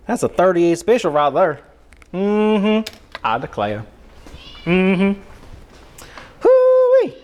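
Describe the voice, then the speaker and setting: A man's voice: on the high side, a bit bright. A man doing a put-on, exaggerated Southern drawl as a folksy, hospitable cook while chatting on a cooking livestream.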